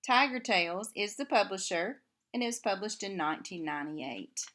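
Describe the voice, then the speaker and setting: A woman reading a children's picture book aloud in an expressive, animated way, adding sound effects. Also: mid-range voice, moderate pace.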